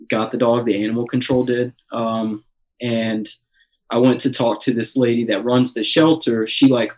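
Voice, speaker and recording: Excitable young man telling a story. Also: mid-range voice, poor audio. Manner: excited, swears a lot, many fillers. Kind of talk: casual storytelling chat.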